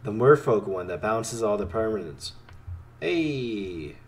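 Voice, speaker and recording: A man giving casual commentary while playing a card game, talking to his opponent and swinging between excited outbursts and quiet muttering. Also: on the low side, normal speed.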